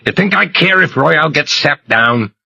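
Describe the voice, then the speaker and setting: A man's voice: on the high side, lively intonation, moderate pace, creaky, sharp tone, breathy edge, no echo, voice pushed up, heavily acted. A man voicing a jittery, vicious junkie gunman who rants and sneers with venom. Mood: ranting. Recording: muffled lo-fi recording.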